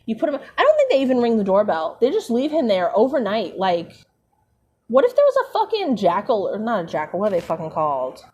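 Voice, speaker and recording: A woman's voice: mid-range voice, wildly swooping pitch, fairly quick, darkish tone, slightly rough. A young woman streaming a book read-along, breaking off into sarcastic, profane commentary full of fillers. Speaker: streamer reading a book aloud. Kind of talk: casual commentary while reading aloud.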